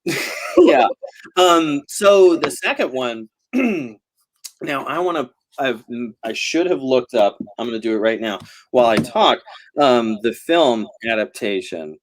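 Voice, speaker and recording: A man's voice: medium pitch, lively intonation, slow, a little hiss or hum. A man, a novelist chatting over a video call, rambling and laughing often between fillers. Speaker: novelist guest. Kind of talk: casual video-call chat.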